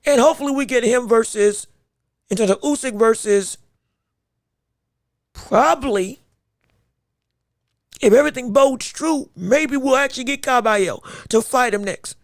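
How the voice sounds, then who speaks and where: Gravelly-voiced man hosting a podcast. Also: very high-pitched, measured pace, pauses often, no echo, clean studio sound. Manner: animated, repeats himself, laughs a lot. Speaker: podcast host. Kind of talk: casual boxing podcast commentary.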